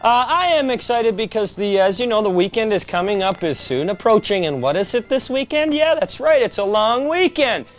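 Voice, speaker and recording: A man's voice: high voice, expressive, moderate pace, few pauses. Rambling, joking male TV host. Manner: rambling and joking, with many fillers. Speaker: kids TV host. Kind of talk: studio host patter.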